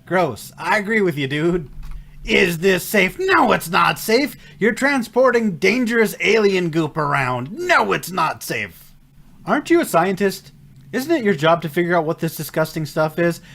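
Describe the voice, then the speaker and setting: A man giving casual reaction commentary on a show, jokey and animated, laughing often and mock-scolding the characters. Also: high-pitched. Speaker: anime and tokusatsu reaction reviewer.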